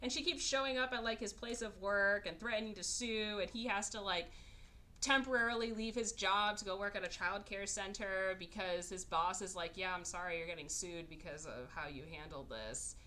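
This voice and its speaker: A woman's voice: medium pitch, moderate pace, bright, forceful tone. A woman podcast host in casual chat, sarcastically recapping a movie and acting out its characters in exaggerated voices.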